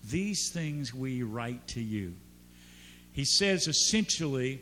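A man's voice: medium pitch, animated, slow, bright, forceful tone, long reverb tail, a little hiss or hum. A man preaching a sermon as pastor. He talks conversationally and builds to emphatic peaks.

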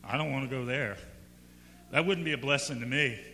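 A man's voice: mid-range voice, a little fast, sharp tone, in a large hall, voice pushed down. A man voicing an aloof, self-important house cat in a dry, dismissive tone. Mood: disdainful.

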